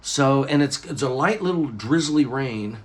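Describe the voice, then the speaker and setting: A man's voice: mid-range voice, a little slow. A man telling a personal story to camera in a casual vlog, rambling with restarts and jumping into other people's lines. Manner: rambling, animated retelling with many restarts and acted quotes. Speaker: YouTuber.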